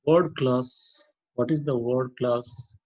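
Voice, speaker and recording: A man teaching a lesson on using a dictionary, explaining slowly with many repetitions and "uh" fillers. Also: medium pitch, steady tone, darkish tone, poor audio. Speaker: English teacher.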